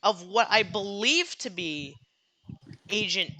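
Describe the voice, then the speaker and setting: Bright, stammering young podcast host. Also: medium pitch, animated, slow. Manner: stammering, restarts sentences mid-explanation. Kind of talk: casual gaming chat.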